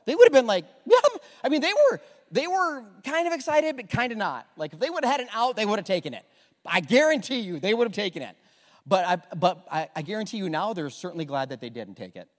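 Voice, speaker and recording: A man in his thirties preaching a sermon as a pastor, earnest and emotional, swinging from loud to hushed. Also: high-pitched, sing-song, fast, long reverb tail. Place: church sanctuary.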